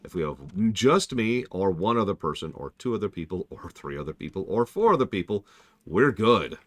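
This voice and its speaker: A man's voice: low voice, sing-song, brisk. A man streaming a game, chatting casually and repeating himself while he multitasks. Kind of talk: live game stream commentary.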